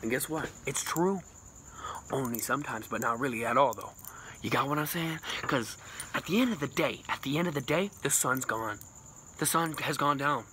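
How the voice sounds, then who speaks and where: A man rambling as a boastful mock self-help guru, jumping between loud bursts and hushed whispers with a self-described put-on accent and lisp. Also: normal speed, a little hiss or hum. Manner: rambling, boastful, absurd know-it-all; sudden pitch jumps and dropped whispers. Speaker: comedic vlogger.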